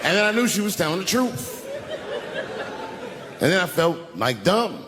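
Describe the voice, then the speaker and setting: A man's voice: high-pitched, big pitch swings, normal speed, pauses often, a bit bright, a little hiss or hum. A man performing a stand-up comedy routine in a club, telling a profane story and acting out other people's voices, with the audience laughing. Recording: live club recording with long reverb.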